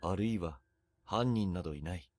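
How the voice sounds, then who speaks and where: An actor playing a cold, logical shopkeeper in a game, speaking calmly and detachedly. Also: male voice, deep voice, fast, no room sound, studio quality, soft background music. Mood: cool. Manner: calm, detached, reasoning.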